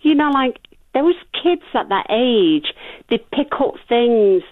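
A woman's voice: a little high, sing-song, takes it slowly, no echo. An older woman calling in to a radio phone-in, indignant and often saying "you know, like". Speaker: caller. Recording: dry tinny phone line.

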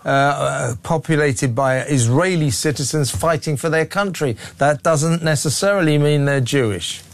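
A man's voice: on the high side, moderate pace. A man hosting a phone-in talk radio show, reading out listener messages and giving blunt, opinionated views that rise into heated rhetorical questions.

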